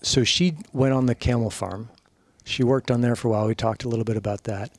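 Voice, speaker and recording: A middle-aged man on a podcast as a guest, telling stories in a casual, animated way, swearing freely and acting out what people said. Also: mid-range voice, brisk, no echo. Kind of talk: casual storytelling chat.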